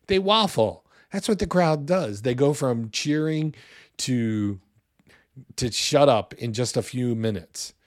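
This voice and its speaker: A man in his forties preaching a sermon in a conversational, animated way, with loud bursts when he acts out what people say. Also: mid-range voice, takes it slowly, dry recording, studio quality. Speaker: pastor.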